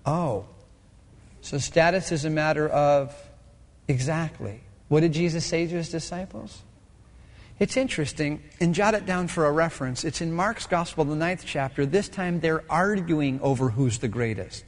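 A middle-aged male pastor preaching a sermon with animated storytelling, acting out voices and quotes. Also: a little high, moderate pace, in a large hall.

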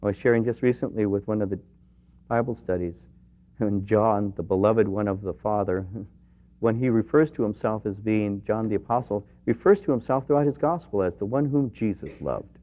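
A man preaching a sermon in an earnest way, rising to emphatic questions and dropping to quiet, personal moments. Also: lowish voice, normal speed. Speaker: pastor. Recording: dull lo-fi recording.

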